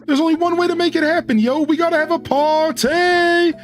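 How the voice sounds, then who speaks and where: A man's voice: very high-pitched, fairly quick, faint music behind, pitched above the performer's own voice. A man voicing a hyped, party-loving male Pokémon who talks in slang. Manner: excited, tacks "yo" onto lines.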